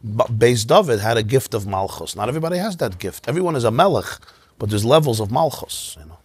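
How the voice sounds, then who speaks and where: Man, rabbi, husky voice, dry close sound, chatty storytelling, informal class. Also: medium pitch, quick pace, dry recording. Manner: conversational, storytelling, animated asides. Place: synagogue.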